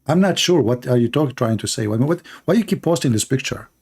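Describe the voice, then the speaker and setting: A sarcastic channel host reacts to a video on a live stream, mocking it with non-native English phrasing. His medium-pitched voice is animated, fast, darkish, and slightly rough.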